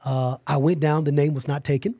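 A middle-aged man, a podcast guest, telling an animated story about starting his company and acting out the dialogue. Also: fairly high pitch, a little fast, breathy edge, dry recording.

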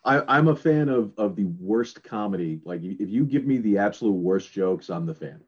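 Husky, laughing podcast host man. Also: lowish voice, animated, normal speed, muffled recording. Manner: laughs easily, teasing. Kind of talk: casual chat.

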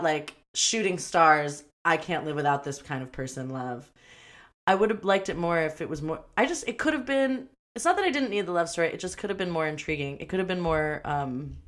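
A woman co-hosting a podcast, chatting casually about a movie, rambling and laughing as she acts out lines. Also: fairly low pitch. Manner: chatty, rambling, quick to laugh and act out quotes. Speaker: podcast co-host. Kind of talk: casual movie review chat.

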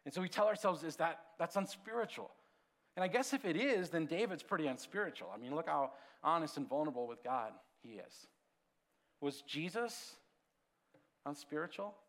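A man preaching a sermon as pastor, conversational and animated, swinging from lively storytelling to quiet, hushed asides. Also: a little high, brisk. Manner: conversational, animated storytelling with sudden drops to a hush.

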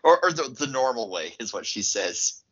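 A man co-hosting a casual film podcast, playful and quick to laugh. His voice is bright and sharp, and his pitch swings a lot as he talks. The sound is a bit dull and lo-fi. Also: sing-song, husky. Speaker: podcast co-host.

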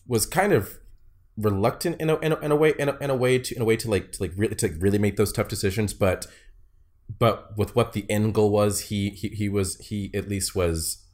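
A man co-hosting a film review podcast, speaking haltingly and repeating words as he gathers his thoughts. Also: fairly low pitch, darkish tone. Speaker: podcast co-host. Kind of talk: casual film review chat.

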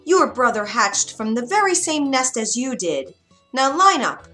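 A woman's voice: a little high, very animated, a little slow, bright, forceful tone, faint music behind, voice pushed up, full character voice. A woman voicing a caring mother duck in a storybook, motherly and firm.

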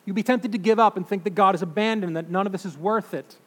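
A man in his thirties or forties preaching a sermon, emphatic, swinging between loud declarations and hushed, slow phrases. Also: high voice. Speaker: pastor. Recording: long reverb of a large hall.

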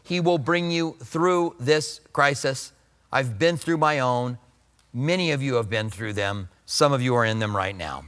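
A man's voice: medium pitch, measured pace, fairly bright tone, smooth, long reverb tail. A man preaching a sermon in a conversational way, acting out the voices he quotes. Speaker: pastor.

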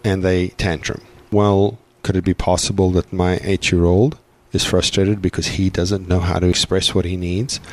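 A man's voice: sits low, flat delivery, moderate pace, hardly any pauses. A man, a parent and podcast guest, explaining his views earnestly in a reflective conversational way, often restarting his sentences. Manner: earnest, thinks aloud with restarts.

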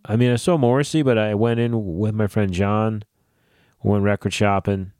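A man hosting a casual solo podcast, swearing freely and ranting in a lively way. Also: fairly low pitch, normal speed, smooth, dry recording, studio quality. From New Jersey / New York area. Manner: profane, animated ranting. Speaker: podcast host.

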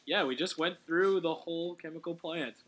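A man hosting a relaxed gaming commentary, rambling and correcting himself as he talks, with quick laughs. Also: fairly high pitch. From Canada. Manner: rambling, self-correcting, giggly. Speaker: let's play host.

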